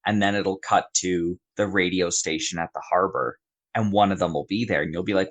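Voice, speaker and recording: Low-voiced male podcast co-host, chatty film breakdown. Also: steady tone, brisk. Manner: chatty, many fillers and restarts. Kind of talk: casual film review chat.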